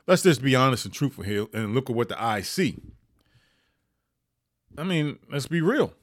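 A man hosting a podcast, giving opinionated year-end commentary with emphatic delivery and sudden high rises on stressed points. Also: wildly swooping pitch, moderate pace, long pauses, a bit bright, no echo, studio quality. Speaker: podcast host.

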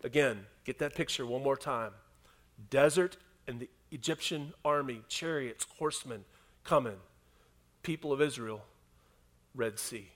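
A man preaching a sermon to a live congregation, swinging from loud emphatic lines to hushed near-whispers and asking the listeners rhetorical questions. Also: mid-range voice, unhurried, pauses often. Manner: asks the audience rhetorical questions. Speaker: pastor. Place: speaking to a live congregation in a room.

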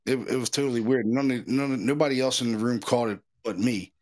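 A man's voice: mid-range voice, fast, a little mellow. Laid-back man hosting a podcast. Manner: laid-back, slangy storytelling. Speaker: podcast host. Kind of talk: casual chat.

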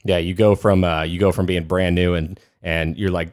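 A man's voice: low-pitched, steady tone, moderate pace, a little mellow, no room sound, clean studio sound. A man hosting a podcast, telling stories in a joking way and swearing freely. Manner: profane, joking storyteller. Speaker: podcast host. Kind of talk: casual podcast chat.

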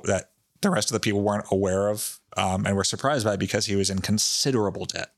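A man with a Rhode Island accent tells a local legend in loose, swearing podcast chat. His voice sits low. The recording is close and dry, with no room sound. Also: brisk, dry recording. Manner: profane, off-the-cuff and animated. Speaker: podcast co-host. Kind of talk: casual chat, storytelling.

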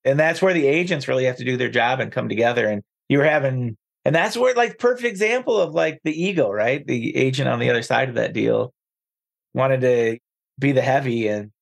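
Gravelly-voiced male podcast co-host. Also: mid-range voice. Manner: relaxed, conversational, quick to laugh and joke. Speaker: podcast co-host, real estate agent. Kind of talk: casual podcast chat.

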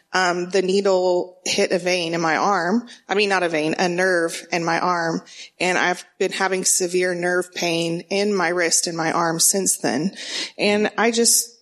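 A young woman with a lowish voice speaks to her church group. She talks earnestly, with a little hesitation.

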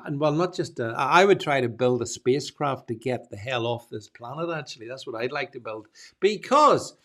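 Guy hosting a panel talk, rambly, lots of uhs and restarts, middle-pitched voice. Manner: rambling, many restarts and fillers, chuckles. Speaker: host. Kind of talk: casual panel discussion.

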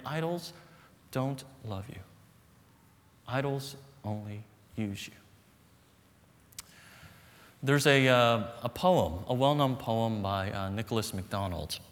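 A man preaching a sermon at a mid pitch, his voice carried by the long reverb of a large hall. He tells everyday stories with humor and dramatic pauses to make his point. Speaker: pastor.

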